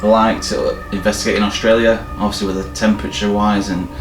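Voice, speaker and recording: A man's voice: fairly low pitch, little pitch movement, a little fast, reverberant, music in the background. A man co-hosting a paranormal podcast, chatting casually and joking, often trailing off and repeating himself. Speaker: podcast co-host. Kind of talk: casual chat.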